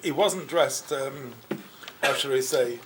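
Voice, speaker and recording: A rabbi telling a story to a group at a gathering, with loud chanted quotes. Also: male voice, medium pitch, slow pace, background noise. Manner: lively, bursts into loud chanting when quoting. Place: gathering room with a crowd around the table.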